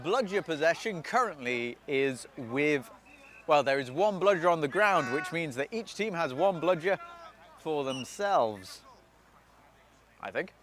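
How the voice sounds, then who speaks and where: A chatty male sports commentator calls a match on his own from beside an outdoor pitch, his voice sitting fairly high. He jokes at his own expense and stumbles over the team names as he goes. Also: lively intonation, a little slow, a bit bright, a little hiss or hum. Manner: self-deprecating, chatty, loses track of names. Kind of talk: solo live play-by-play commentary.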